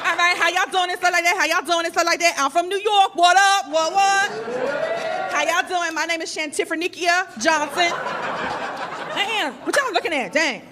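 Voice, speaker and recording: A woman's voice: very high voice, normal speed, music in the background, crowd noise. A woman playing a sassy, defensive pageant girl with a Brooklyn accent, in a comedy club. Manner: sassy, confrontational. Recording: comedy club with audience laughter.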